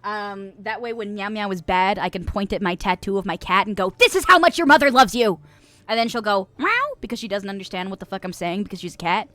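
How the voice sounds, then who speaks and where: A woman's voice: mid-range voice, fairly even intonation, quick pace, hardly any pauses, a bit bright, no room sound. A woman in her twenties streaming a game, chatting casually and swearing with her viewers. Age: 20s. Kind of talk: casual gaming stream chat.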